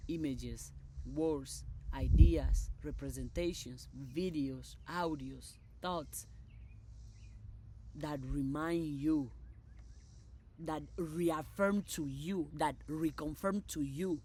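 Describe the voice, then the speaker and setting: A woman reciting upbeat affirmations in an exuberant, repetitive manner, with loud bursts. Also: low voice, takes it slowly, a little hiss or hum. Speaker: motivational creator. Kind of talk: spoken affirmations.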